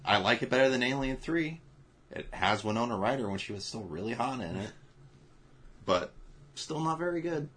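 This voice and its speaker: A man's voice: fairly low pitch, moderate pace, fairly bright tone, husky. A man hosting a podcast, ranting bluntly and swearing in casual chat. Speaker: podcast host.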